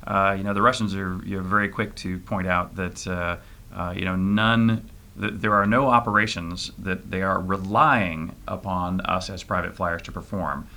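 Low in pitch yet bright and forceful, with a creaky quality and fairly even intonation, the voice belongs to a middle-aged interview guest who is a private spaceflight trainee. He answers haltingly, with frequent restarts and fillers such as "uh" and "you know."

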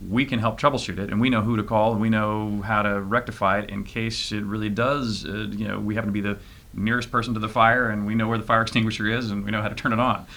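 Low, bright-voiced man, halting interview answers. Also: level tone, vocal fry. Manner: halting, many fillers and restarts. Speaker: interview guest, private spaceflight trainee.

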